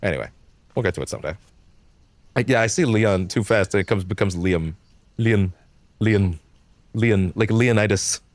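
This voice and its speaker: A man's voice: on the low side, moderate pace, long pauses, no echo. A man streaming a game live, rambling in casual commentary, full of fillers, swearing and frequent laughter.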